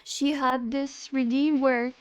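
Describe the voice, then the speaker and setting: A woman's voice: high voice, no room sound. A woman streaming live, chatting casually and animatedly with her chat, often getting indignant and laughing.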